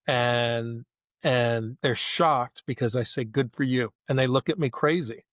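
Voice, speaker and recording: A middle-aged man, an executive guest on a podcast, speaking in a measured, earnest and candid way. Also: medium pitch, fairly even intonation, gravelly, a bit bright, no echo. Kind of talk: casual conversational interview.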